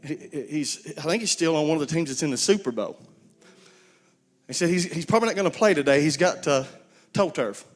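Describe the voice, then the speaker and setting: A man's voice: fairly high pitch, animated, fairly quick. A man preaching a sermon, folksy storytelling with call-and-response to his congregation. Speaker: pastor.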